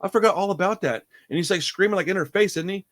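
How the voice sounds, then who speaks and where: A man talking casually about a movie. He is animated, swears freely and laughs often. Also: sits high, fast. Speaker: podcast co-host.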